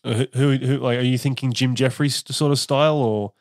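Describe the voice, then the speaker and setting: Brief: male comedian host, chatty and animated, dry close recording, middle pitch. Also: fairly quick, no room sound. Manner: animated, breaks into impressions and laughs. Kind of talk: casual chat interview.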